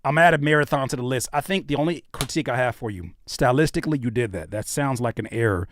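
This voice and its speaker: A man's voice: mid-range voice, fast talker, slight background noise. A man hosting a livestream, reacting to submitted music in joking, rambling casual commentary. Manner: joking, animated, rambling with restarts and laughs.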